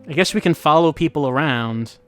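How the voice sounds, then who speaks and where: A let's-play host gives casual gameplay commentary, wry and musing as he thinks aloud while playing. His voice is fairly high and fairly quick, with faint game music behind it.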